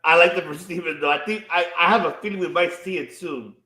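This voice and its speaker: A man's voice: fairly high pitch, fast talker, sharp tone, roomy sound. A man co-hosting a wrestling podcast, reading viewer comments and laughing along in casual chat. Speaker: podcast co-host.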